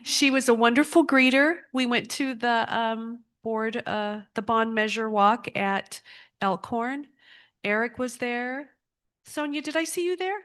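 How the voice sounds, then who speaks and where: A woman's voice: fairly high pitch, measured pace, a bit bright, clear, resonant tone. A woman chairing a school board meeting, chatty and upbeat as she gives her report.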